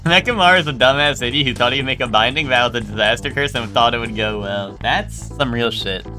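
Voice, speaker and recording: A man's voice: medium pitch, fairly quick, music in the background. A young man streaming a game live, talking in a rambling, casual way with lots of swearing and "like". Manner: rambling, swears a lot, full of "like".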